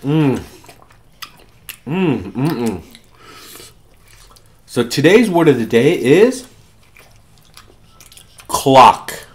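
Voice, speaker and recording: A woman's voice: rumbling low, sing-song, slow, long pauses, a little mellow. A woman eating on camera with her child, chatting casually and coaxing between bites. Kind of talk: casual eating vlog chat.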